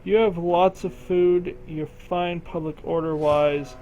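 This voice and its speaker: A man's voice: high voice, steady tone, slow, dark tone, muffled recording, slight background noise. A man casually commentating a strategy game, thinking aloud and talking to the game's regions as if they were people. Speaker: gameplay commentator.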